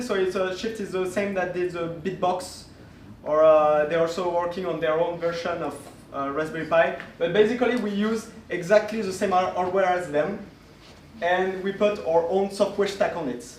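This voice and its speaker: A man presents at a conference with a fairly high voice. He talks in a halting way, with many fillers and restarts. The sound is roomy and distant, with faint room noise behind him. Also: fairly even intonation. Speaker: conference speaker. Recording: echoey room, voice from far off.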